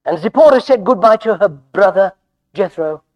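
Lively preacher guy, stammery, swoopy voice. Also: high-pitched, normal speed, lo-fi sound. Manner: animated, folksy, stammering restarts. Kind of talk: sermon storytelling.

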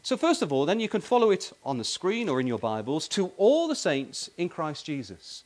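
A man's voice: a little high, very animated, normal speed. A man preaching a sermon in a tent meeting, emphatic and repetitive, often addressing his listeners as brothers and sisters.

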